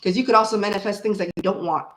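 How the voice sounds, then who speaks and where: A woman in her forties hosting a casual tarot livestream, chatting with viewers in an animated, blunt way, swearing freely and laughing often. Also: medium pitch, rapid-fire, rough recording. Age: 40s. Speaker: tarot reader host.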